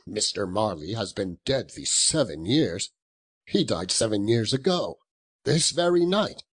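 A man voicing a grumpy, scornful old miser in a storybook reading, with drawn-out, high, strained retorts. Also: big pitch swings, breathy edge, exaggerated voice. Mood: curt. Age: older. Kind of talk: audiobook character voice.

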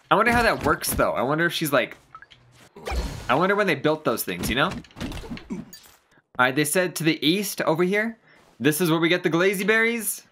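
A gamer giving casual, excitable commentary while playing, often gasping and exclaiming, with the odd casual swear. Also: medium pitch, normal speed, long pauses, slight background noise. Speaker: let's play gamer.

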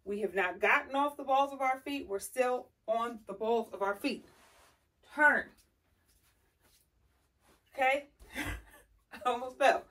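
A sassy, chatty woman talks through a casual tutorial in a fairly high voice. She sounds lively while she walks and demonstrates. She is picked up from a distance, across a carpeted room. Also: a little slow, long pauses. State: slightly out of breath. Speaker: style vlogger teaching heel walking.

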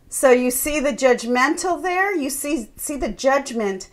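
A woman's voice: fairly high pitch, a bit bright. A woman life coach giving an earnest advice monologue, now and then acting out what someone else says. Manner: earnest, acts out quoted remarks.

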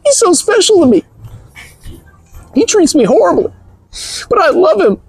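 A man putting on a falsetto voice to play a whiny, lovesick young Gen Z woman in a comedic live-stream sketch, with giggles and a whining delivery. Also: very animated, moderate pace, vocal fry, exaggerated voice, poor audio.

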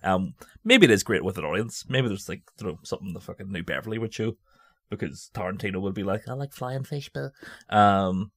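A man's voice: low voice, a little fast, dry recording. A man with a Northern Irish accent, laughing often and swearing casually while chatting about films. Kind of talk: casual chat.

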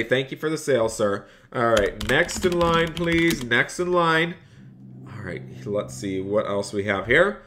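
A man's voice: mid-range voice, expressive, unhurried, a bit bright, slight background noise. A man plays a cheerful phone store clerk in a live-streamed game role-play, rattling off repetitive sales patter. He breaks off to thank and address his chat, and faint keyboard typing sits in the background. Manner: upbeat salesman patter, repeats phrases; reads and thanks chat between lines.

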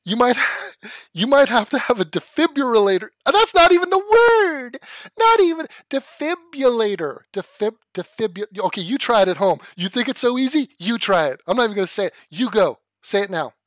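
A man's voice: extremely high pitch, animated, moderate pace, fairly bright tone. A man doing casual stream commentary, full of swearing and self-mocking. He keeps tripping over a word and laughing about it. His voice sounds dry and close, with no room echo. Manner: profane, ranting, keeps stumbling over a word and laughing at himself.

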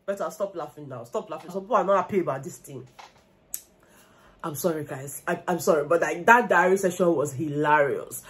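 A young woman with a Nigerian accent, giving animated, gossipy commentary on a reality show and slipping into Pidgin slang. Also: medium pitch, moderate pace. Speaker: vlogger.

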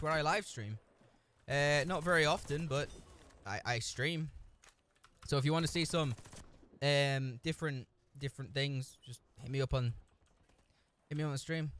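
A man streams himself playing a shooter, swearing all the time, trash-talking others, and cracking jokes amid frustrated outbursts. His voice is fairly high and a bit bright. He records on a desk mic with a camera without headphones, and there's a little hiss or hum.

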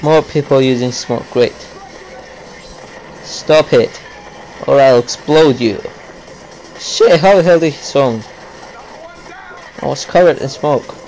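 A man talks slowly over his own gameplay in a mid-pitched voice, cursing and grumbling as he plays. His has a ring. A faint noise hangs under the recording. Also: a little mellow, poor audio. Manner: cursing, grumbling running commentary. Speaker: gameplay commentator. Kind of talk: live gameplay commentary.

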